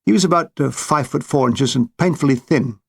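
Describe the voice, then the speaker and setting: A man reading his own war memoir with a dry, deadpan comic delivery. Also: medium pitch, brisk, gravelly, husky. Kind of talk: audiobook memoir narration.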